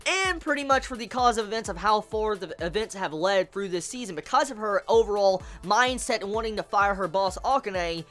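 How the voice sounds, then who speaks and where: Woman anime reviewer with a bright, forceful voice. Animated and exasperated, heavy swearing, frequent restarts. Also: mid-range voice, fairly quick, few pauses, soft background music. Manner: profane, exasperated, stumbles and repeats words. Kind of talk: ranting episode review.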